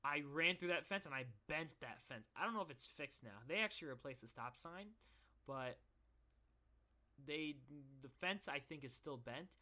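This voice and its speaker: A man's voice: a little high, expressive, normal speed, bright, forceful tone. A young man telling a personal story in a casual, rambling way, swearing and restarting often. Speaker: vlogger.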